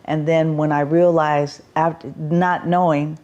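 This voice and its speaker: A woman's voice: low-pitched, level tone, measured pace, a little mellow, dull audio. A middle-aged woman musician, a guest in an interview, talking heartfelt about performing, restarting her sentences and laughing easily. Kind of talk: interview conversation.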